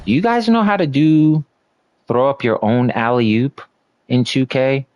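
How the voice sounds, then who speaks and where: A man's voice: medium pitch, a little slow, a little mellow, no room sound, lo-fi sound. Rambling young male game streamer. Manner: rambling, filler-heavy, laughs at himself. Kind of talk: casual livestream chat while gaming.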